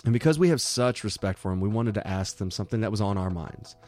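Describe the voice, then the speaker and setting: Earnest low-voiced male co-host. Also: expressive, fast talker, darkish tone, dry recording, faint music behind. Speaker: podcast co-host. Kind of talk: casual commentary.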